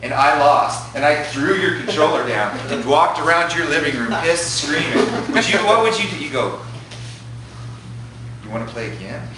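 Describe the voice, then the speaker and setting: A man teaching a jiu-jitsu class in a lively, profane way, acting out his students' thoughts. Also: a little high, normal speed, few pauses, very noisy. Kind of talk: animated talk to a class. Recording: echoey room from a distance.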